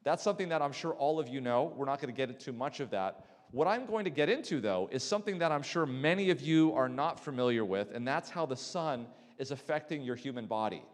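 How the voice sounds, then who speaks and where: A man's voice: medium pitch, expressive, a little fast, hardly any pauses. Man, middle-aged, lecturing, conversational, questions to audience, echoing hall. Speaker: sleep specialist lecturer. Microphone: handheld mic, swapped mid-talk. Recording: long hall reverb.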